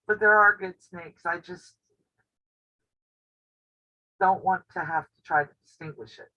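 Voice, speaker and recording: A woman's voice: lowish voice, slow pace, pauses often. A woman with a drawl chats through a casual live stream from home, spinning stories and laughing often. Her voice reaches the camera on the table with a dull, lo-fi sound. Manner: chatty storyteller who laughs often. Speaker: quilting channel host. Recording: dull lo-fi audio.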